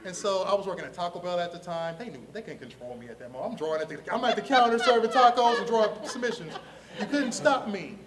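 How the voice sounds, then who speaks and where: A man from Ohio, a comic artist telling his story in a lively, slangy way, laughing often and acting out the voices of the people in it. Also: sits high, quick pace, recorded from a distance, crowd noise. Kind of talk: animated storytelling on a podcast.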